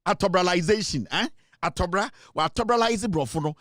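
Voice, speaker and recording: A Ghanaian man hosts a comedy show with a high, lively voice that jumps all over as he jokes and laughs. His sound is close and dry, with no room around it. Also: a little fast, no room sound. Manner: animated, laughing often, mixing English into his talk. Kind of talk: comic commentary.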